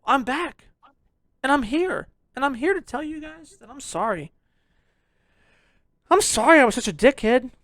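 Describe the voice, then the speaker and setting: A young man rants on a podcast with a loud, jokingly abrasive edge. He swears freely and teases his listeners. The recording is close and dry. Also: very high voice, lively intonation, moderate pace, pauses often, no echo. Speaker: podcast co-host. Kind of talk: casual ranting review chat.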